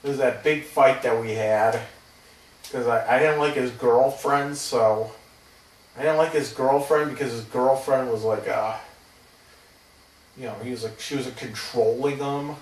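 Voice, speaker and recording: A man's voice: medium pitch, fairly even intonation, measured pace, slight background noise. A man in his thirties rambling through a personal story, hesitant and casually swearing. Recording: roomy, distant from the mic.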